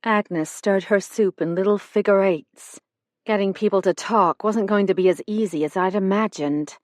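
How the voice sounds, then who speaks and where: A woman narrating a mystery audiobook in an even, measured voice from a close studio mic. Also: medium pitch, dry recording. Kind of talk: scripted narration.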